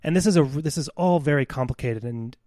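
A man's voice: a little high, brisk, warm tone, dry recording, studio quality. A man co-hosting a podcast, explaining science in an earnest, lecturing way. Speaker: podcast co-host.

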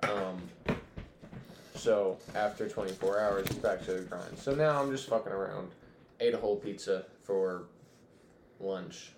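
A man's voice: measured pace, pauses often. A man chatting casually on a podcast as a guest fighter, laid-back and swearing freely. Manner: laid-back, swearing, drops to low murmurs. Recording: echoey room with faint noise.

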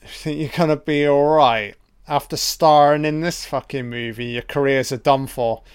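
A man's voice: a little high, fairly even intonation, normal speed, clear, resonant tone, dry recording, studio quality. A man giving a profane, sarcastic film commentary, ranting in exasperation. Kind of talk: audio commentary rant.

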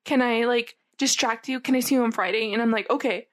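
A young woman with a slightly high voice tells a personal story in a loose, chatty way. She rambles, leans on "like" constantly and swears freely, talking to a friend rather than performing. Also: fairly even intonation, fast. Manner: rambling, heavy use of "like", candid and swearing. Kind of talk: casual storytime chat.

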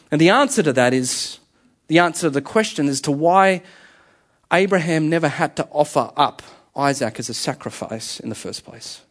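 A man's voice: fairly high pitch, lively intonation, a little fast. A man preaching a sermon, telling stories earnestly and animatedly with frequent restarts.

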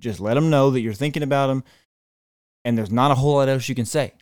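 A man co-hosting a casual podcast chat, blunt and sarcastic, often swearing as he makes his points. His pitch is average for a man. The recording is dry, with little room sound. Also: fast, a little mellow, smooth, dry recording. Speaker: podcast co-host.

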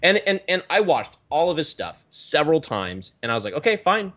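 A man in his thirties from the Pacific Northwest, a guest telling his story in a casual interview with lively swings of pitch. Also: brisk. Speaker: guest, reef aquarium YouTuber.

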